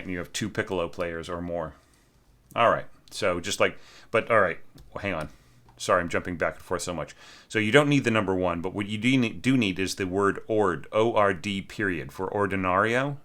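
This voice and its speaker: Teacher, male, low voice with a bright edge; chatty score review, many restarts. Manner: conversational, frequent "right?" and restarts; sings bowings and rhythms aloud. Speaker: orchestration teacher. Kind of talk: informal score critique.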